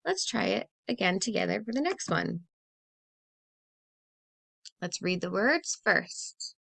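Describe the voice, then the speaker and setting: A woman teacher talks young children through a phonics lesson, spacing each word slowly and clearly. Her pitch moves a lot, and her voice has a touch of gravelly fry. The recording is dry and close, with no room sound. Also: sing-song, bright, forceful tone, dry recording. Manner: slow, clearly spaced, encouraging teacher voice.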